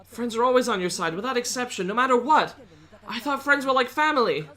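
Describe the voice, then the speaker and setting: A woman voicing an earnest teenage boy in a visual novel reading, pleading with a friend and at times shouting. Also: on the high side, expressive, a little fast, pitched above the performer's own voice.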